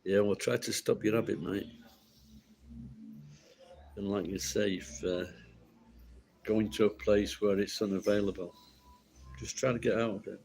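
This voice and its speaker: A man's voice: lowish voice, steady tone, measured pace, vocal fry, pauses often, darkish tone, a little hiss or hum, low-quality recording. A middle-aged man with a Yorkshire accent, chatting casually in a rambling, sweary, blunt way. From Yorkshire, northern England.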